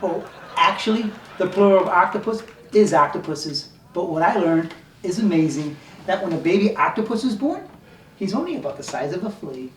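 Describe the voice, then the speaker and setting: A woman's voice: on the low side, big pitch swings, normal speed, slight background noise. A woman playing an eager patient who keeps reciting trivia, chirpy, in a stage comedy. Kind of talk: community theater comedy. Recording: echoey stage from far off.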